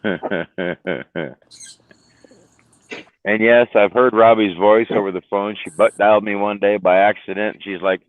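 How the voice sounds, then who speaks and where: A man's voice: lowish voice, steady tone, unhurried, pauses often, no room sound. A worn-out man hosting a casual livestream chat, rambling and joking with a laugh. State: tired, worn out. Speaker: livestream host. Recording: tinny phone-like livestream audio.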